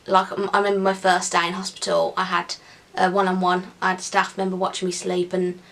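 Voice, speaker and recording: A woman's voice: on the low side, completely flat delivery, brisk, a bit bright. A young woman chatting casually to camera in an upbeat Q&A vlog, with giggly asides. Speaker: vlogger.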